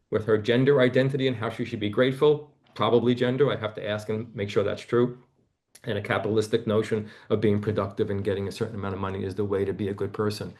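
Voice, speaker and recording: A man teaching a seminar, gently guiding a volunteer through a body-focused therapy exercise over a video call, often dropping to a hush. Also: fairly low pitch.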